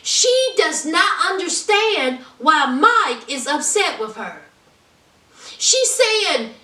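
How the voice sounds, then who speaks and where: A woman talks through a reality show recap in a high, bright voice that swings all over as she acts out quotes. She takes her time with each point, and she sounds a little away from the mic in a roomy space. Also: takes it slowly, far from the mic. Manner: animated, gossipy, acts out quotes. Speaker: reality TV reviewer. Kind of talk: casual recap commentary.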